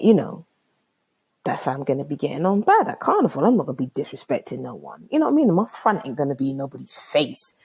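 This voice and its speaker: A young woman with a London accent talks straight into her podcast in a low, slightly husky voice. Her pitch leaps up and drops away as she tells the story. She uses slang and exclaims, and she acts out each person in the conversation. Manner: animated, slangy, exclaiming and acting out both sides of a chat. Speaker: podcast host. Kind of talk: casual storytelling monologue.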